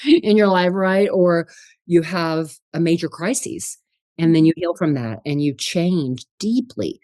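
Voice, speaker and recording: Low-voiced animated woman telling stories. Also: no room sound, studio quality. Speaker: interview guest, spiritual psychologist. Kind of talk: storytelling interview.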